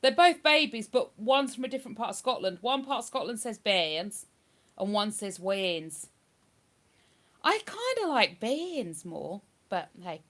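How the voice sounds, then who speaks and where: Chatty woman, bright voice. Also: medium pitch, moderate pace. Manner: chatty, reads viewer comments aloud and answers them. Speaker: live streamer. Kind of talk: casual live-stream chat.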